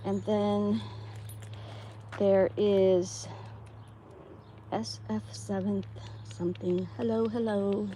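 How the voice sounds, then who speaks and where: Woman walking her dogs outside, slow chatty rambling, mellow voice, phone in hand. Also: mid-range voice, flat delivery, a little hiss or hum. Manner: chatty, rambling, laughs often. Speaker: dog-walking vlogger. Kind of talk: casual live walk-and-talk. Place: outdoors on a neighborhood street.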